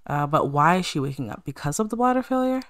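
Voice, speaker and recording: A young woman chatting excitedly through a life-simulation game, talking to her viewers in a slangy, casual way. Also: sits low, quick pace, clear, resonant tone, no echo. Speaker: let's play creator. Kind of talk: casual gameplay commentary.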